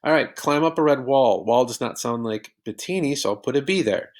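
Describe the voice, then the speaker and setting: A man's voice: mid-range voice, lively intonation, a little fast. A man teaching a recorded poetry lesson, patiently explaining step by step with examples.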